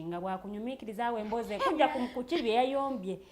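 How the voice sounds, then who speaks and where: A woman's voice: on the high side, animated, rapid-fire, a little hiss or hum. A woman with a Ugandan accent co-hosting a casual panel chat. She lays out her views reflectively and at length, mostly in Luganda with some English. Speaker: co-host.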